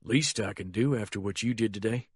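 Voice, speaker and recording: A cold, calculating colonel who never raises his voice, as a male narrator plays him. He speaks low and hushed, smooth and sinister, in a dry, intimate reading. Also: brisk, dry recording. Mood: quietly menacing. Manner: low, quiet, smoothly menacing.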